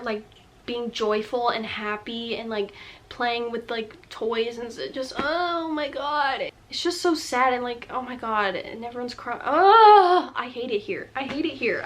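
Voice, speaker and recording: Young female vlogger, casual and emotive, talks in fillers, higher-pitched. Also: a bit bright. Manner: emotive, gushing, lots of filler words. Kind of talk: casual movie review.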